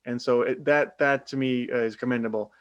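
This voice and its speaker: A man's voice: mid-range voice, steady tone, a little fast, clean tone, dry recording, dull audio. A man co-hosting a casual film podcast, speaking in a hesitant way with fillers. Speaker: podcast co-host.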